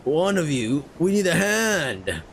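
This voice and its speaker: Man doing a gruff, impatient deckhand. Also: on the high side, expressive, moderate pace, slight background noise, close to an everyday voice. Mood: urgent. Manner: brusque, barking orders, slangy. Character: gruff, impatient male sailor, experienced deckhand.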